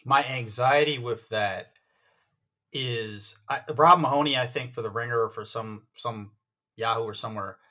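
A man's voice: medium pitch, normal speed, sharp tone. A man co-hosting a casual sports podcast, rambling into tangents and acting out quoted people. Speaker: podcast co-host.

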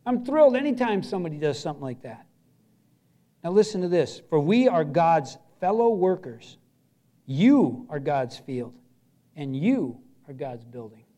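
A middle-aged man preaching a sermon as pastor, earnest, repeating short phrases and dropping from loud emphasis to a hush. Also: fairly high pitch, big pitch swings, a little slow.

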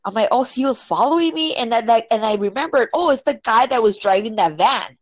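A woman casually telling a personal story, filling it with "like" and "right?" and acting out quotes with sudden jumps in pitch. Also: animated, fairly quick, no echo, low-quality recording. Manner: filler-heavy, many "like" and "right?".

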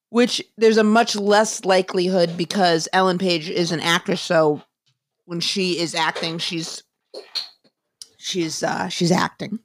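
A woman's voice: fairly low pitch, no room sound. A woman podcast host and comedian talking in a casual solo monologue, rambling and jokey, often cutting herself off mid-thought. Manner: rambling, self-interrupting, jokey.

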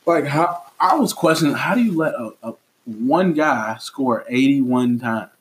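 A man hosts a casual podcast chat, easing through his points with fillers and restarts. His voice sits at an everyday middle pitch. He sounds unhurried. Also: slight background noise. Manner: relaxed, drawn-out, many fillers and restarts. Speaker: podcast host.

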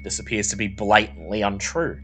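A man narrating a tabletop role-playing game as game master, telling the story slowly and deliberately. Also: lowish voice, a bit bright, soft background music, rough recording.

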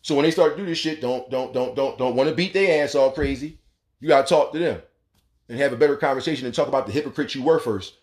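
Speaking quickly in a mid-range voice, a talk radio host, an adult who has a son, gives a blunt monologue full of profanity. He performs the voices of those he quotes.

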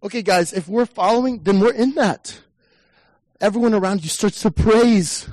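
A high-voiced man preaches a lively sermon to a church congregation, swinging into shouted lines as he plays the listener's inner thoughts. The sound is close and dry, with no room echo. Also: normal speed. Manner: animated, acts out the listener's inner voice, rising to shouts. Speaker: pastor.

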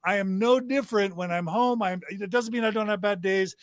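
A man's voice: high-pitched, fairly quick, no echo, clean studio sound. A middle-aged man, a podcast guest, talking with passion and piling up emphatic lists of praise. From United States. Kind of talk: enthusiastic interview talk.

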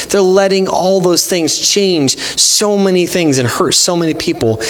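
A man with a fairly high voice gives a relaxed, conversational sermon. He acts out back-and-forth exchanges with God in his own voice, sprinkling in casual fillers as he goes. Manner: frequent fillers like "like" and "you know". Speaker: pastor.

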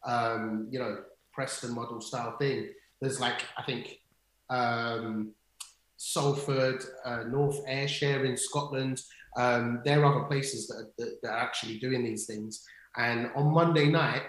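A man's voice: medium pitch, fairly even intonation, measured pace. A man co-hosting a livestream, telling stories in casual chat, full of restarts and fillers. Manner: chatty storyteller, many restarts and fillers. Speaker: livestream co-host. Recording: roomy echo.

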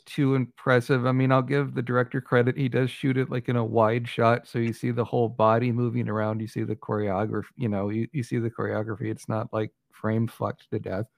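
A man's voice: mid-range voice, flat delivery, fairly quick, creaky, few pauses, dry recording, clean studio sound. A man co-hosting a podcast and reviewing a film in casual chat, wry and rambling, with many restarts.

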